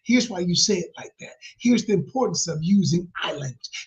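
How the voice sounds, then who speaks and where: A man working as a relationship coach, talking emphatically to viewers and calling them y'all, swinging from loud to whispered like a preacher. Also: high voice, lively intonation, normal speed. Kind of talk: live-stream promotional talk. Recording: dull lo-fi sound.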